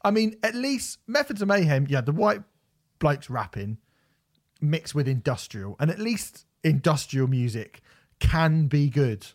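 A man's voice: fairly high pitch, very animated, unhurried. A man, ranting and swearing as a podcast co-host in a casual album review.

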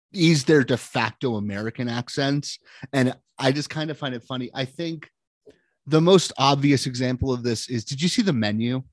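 A man's voice: medium pitch, dry recording. A man co-hosting a casual film podcast, wry and opinionated, giving blunt takes. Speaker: podcast co-host.

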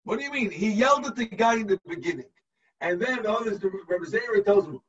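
Over a video call, a rabbi explains a text to his students step by step, checking that everyone is keeping up. His voice is high, husky, animated and brisk, though the sound comes through distant and muffled.

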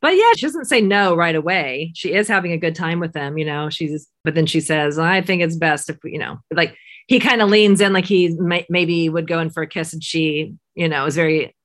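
A woman co-hosting a casual chat about a TV episode, easygoing and full of fillers. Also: low-pitched. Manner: easygoing, many fillers like "you know" and "like". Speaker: podcast co-host.

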